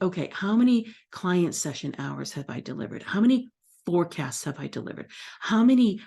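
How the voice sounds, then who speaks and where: A woman's voice: fairly low pitch, darkish tone. A middle-aged woman astrology coach talking casually to her audience, acting out her own self-talk.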